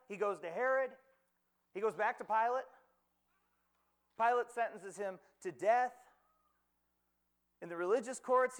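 A man preaching a sermon, retelling scripture with dramatic pauses, rhetorical questions and quoted lines. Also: high voice.

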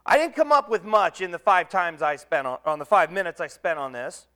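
A man's voice: high-pitched, very animated, a little fast, bright, forceful tone, clean tone. A man preaching a conversational sermon from the pulpit, folksy and self-deprecating, with lots of ums and uhs. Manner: folksy, self-deprecating humor with many fillers.

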